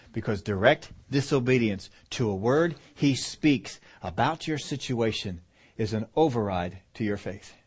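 A man preaching a sermon, urgent and emphatic, swinging between loud bursts and quiet low asides and often repeating himself. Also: husky. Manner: repeats and restarts phrases while preaching.

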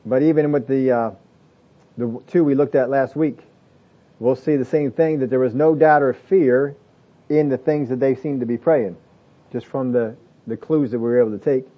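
A man's voice: mid-range voice, steady tone, moderate pace, dull audio. A man preaching a sermon in a conversational way, building to emphatic lists.

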